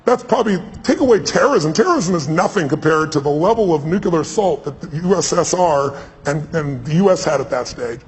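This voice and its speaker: A man telling stories on stage to a live audience in an animated, emphatic way, sometimes repeating words. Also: a little high, brisk, hardly any pauses. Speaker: guest speaker on stage. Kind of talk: energetic on-stage storytelling. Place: large hall with live audience. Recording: reverberant hall, faint ambient noise.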